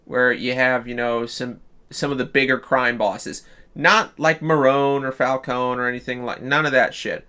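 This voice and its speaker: A man streaming live, pitching a story in loose casual chat, swearing freely and restarting sentences. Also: steady tone, normal speed, sharp tone, clear, resonant tone. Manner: profane, loose, full of fillers and restarts.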